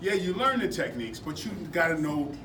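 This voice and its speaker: A man telling animated stories to a seminar class, laughing often as he talks. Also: a little high, fairly quick. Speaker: martial arts seminar instructor. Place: indoor seminar room at a convention. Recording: echoey room, distant from mic, background noise.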